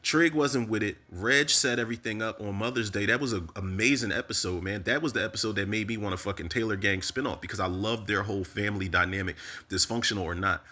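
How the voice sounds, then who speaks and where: A man casually recapping a TV episode, animated and profane, talking straight to his viewers. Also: on the low side, fast. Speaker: TV recap host.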